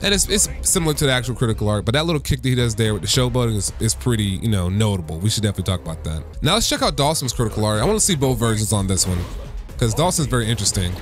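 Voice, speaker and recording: A young male gaming YouTuber talks in a casual, slangy way, and his voice swings widely in pitch as he gets hyped. He keeps breaking into loud bursts of excitement. Faint game music plays behind him. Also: very fast. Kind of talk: casual gaming reaction commentary.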